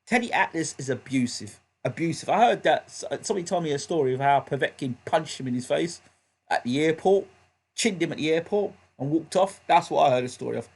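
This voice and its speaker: A man's voice: on the high side, lively intonation, a little fast, creaky, breathy edge. A man hosting a live boxing reaction stream, talking in an emphatic way and hammering points home through repetition. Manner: emphatic, repeats points heatedly. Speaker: boxing show host.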